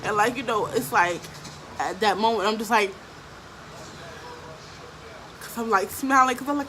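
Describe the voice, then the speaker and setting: A young woman vlogger tells her story in a casual, animated way. She is blunt and swears freely, and she fills her talk with "like" and "so basically". Her voice is at a middle pitch, with a faint hum of room noise behind it. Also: normal speed, rough recording. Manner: blunt, profane, animated storytelling with frequent fillers.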